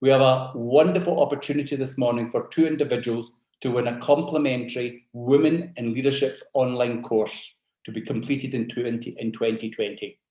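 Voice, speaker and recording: A man's voice: mid-range voice, a little mellow, roomy sound. A man with a mixed South African and Scottish accent opening a webinar with formal, courteous announcements. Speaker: event host.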